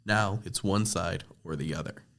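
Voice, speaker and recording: A man's voice: sits low, moderate pace, fairly bright tone. A teenage boy narrating a scripted school project podcast, reading steadily with small slips and restarts. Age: teens. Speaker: student presenter.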